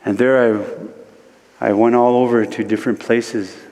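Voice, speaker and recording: Guy from standing rock telling a vision story at church, slow short phrases, mid pitch, big hall echo. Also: little pitch movement, warm tone. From Standing Rock, United States. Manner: slow, measured storytelling in short phrases, voice rising sharply for quoted speech. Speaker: guest speaker, spiritual teacher. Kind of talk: spoken vision story at a worship service. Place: church sanctuary. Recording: long reverb of a large hall.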